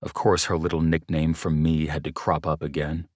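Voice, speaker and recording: A man narrates a romance audiobook in the first person, his voice sitting very low. His own character's lines come out terse and commanding. The recording is close and dry. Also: level tone, moderate pace, no echo.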